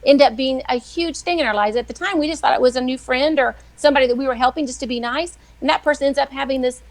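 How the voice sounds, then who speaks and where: A middle-aged woman, a weekly guest who writes devotionals, telling faith stories in a chatty, animated way. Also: high-pitched, fast talker. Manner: chatty, animated, acts out quoted voices. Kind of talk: casual faith storytelling on a live show.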